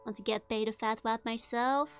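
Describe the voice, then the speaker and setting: A chatty woman streamer commentates a game in a slightly high, bubbly voice, laughing often. Soft music plays faintly underneath. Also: fairly even intonation, moderate pace. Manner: giggly and chatty, with frequent laughs. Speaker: VTuber streamer. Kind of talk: casual let's-play commentary.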